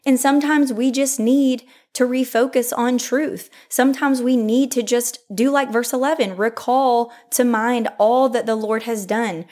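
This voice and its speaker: A woman's voice: a little high, steady tone, a little slow, hardly any pauses, darkish tone. A young woman hosting a faith podcast, earnest and chatty, with frequent laughs and lots of "like", who reads scripture aloud. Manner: earnest and chatty, laughs often, says "like" a lot. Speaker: podcast host. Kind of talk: faith-based podcast talk, reading scripture.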